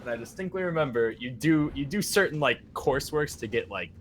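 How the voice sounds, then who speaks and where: A man's voice: medium pitch, lively intonation, brisk. A young man streaming while gaming, telling rambling, profane stories with acted-out quotes. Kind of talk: casual chat while gaming. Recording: noisy stream audio.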